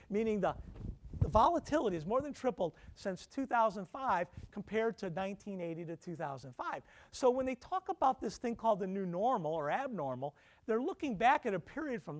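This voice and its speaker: A man, a professor, giving a conversational lecture to alumni, peppering the room with questions and self-deprecating asides. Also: sits high. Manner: conversational, quizzing the audience with questions.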